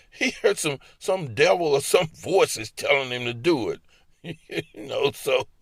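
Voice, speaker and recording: A medium-pitched man with a Baltimore accent tells the listener casual personal stories, laughing frequently as he performs the voices in his head. The recording is dry and clean, with studio sound.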